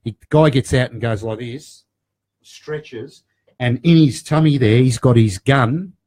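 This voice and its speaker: A man telling a story in a casual chat. He is lively and jokey and acts out what people said. His voice sits at a middle pitch. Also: a little slow, dry recording. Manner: lively, jokey, tells stories with voiced quotes. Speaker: guest, storyteller.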